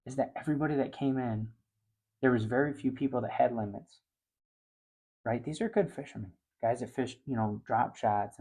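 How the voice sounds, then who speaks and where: A middle-aged man telling a fishing story in a relaxed, chatty way. His voice sits at an ordinary pitch for a man. When the story gets exciting, it jumps up loud and high. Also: slightly rough. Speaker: fishing show host. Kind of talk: casual storytelling.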